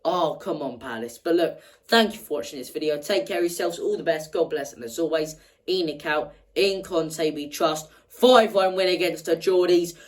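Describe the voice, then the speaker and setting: A woman's voice: low voice, moderate pace, poor audio. A woman hosting a fan match reaction, talking passionately and repeating words for emphasis. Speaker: football fan channel host.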